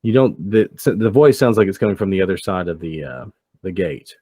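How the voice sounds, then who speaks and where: A man's voice: low voice, lively intonation, a little fast, mellow, breathy edge, no echo. A man narrating as game master of a tabletop game, hesitant and full of fillers.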